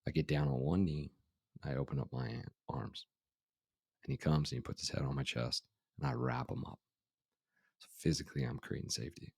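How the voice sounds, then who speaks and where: Very deep creaky-voiced man telling a story. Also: very animated, fairly quick, long pauses, darkish tone, dry recording, studio quality. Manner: conversational, frequent "you know" and "right?". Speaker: guest, life coach. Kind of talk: casual podcast storytelling.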